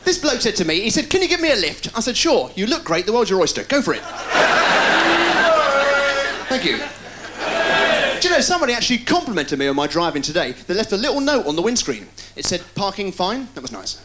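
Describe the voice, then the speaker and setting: A man doing stand-up, firing off deadpan one-liners and puns. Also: high-pitched. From England. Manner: rapid-fire deadpan puns with quick delivery. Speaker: stand-up comedian. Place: live TV studio with a laughing audience. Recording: loud crowd laughter, noisy 1990s TV broadcast.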